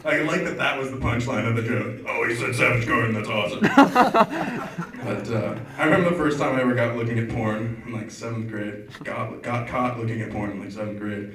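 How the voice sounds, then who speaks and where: A man's voice: medium pitch, animated, normal speed, a bit bright, recorded from a distance. A man performing a stand-up set at an open mic, rambling and self-deprecating with an offhand delivery. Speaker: stand-up comedian. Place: comedy club, open mic. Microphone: stage mic recorded from far off. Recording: echoey club taped from afar with crowd. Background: audience laughter.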